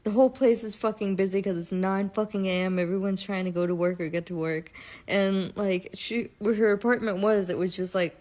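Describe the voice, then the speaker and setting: A woman's voice: mid-range voice, steady tone, brisk, a little mellow. A woman from Florida telling a casual storytime, blunt and full of profanity. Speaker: TikTok storyteller.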